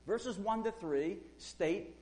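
A man preaching a sermon, fervent and rising loud when he quotes, with frequent fillers. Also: sits high, takes it slowly, poor audio.

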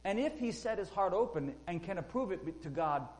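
A man preaching a sermon, fervent and rising loud when he quotes, with frequent fillers. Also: high voice, expressive, brisk, hardly any pauses, rough recording.

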